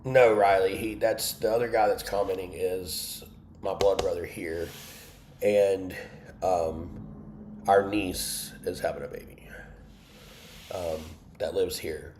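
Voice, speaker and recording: A man's voice: low-pitched, steady tone, takes it slowly, long pauses, a little mellow, echoey room, slight background noise. A man hosting an online Bible study, candidly sharing an emotional personal testimony and breaking off to answer his live chat.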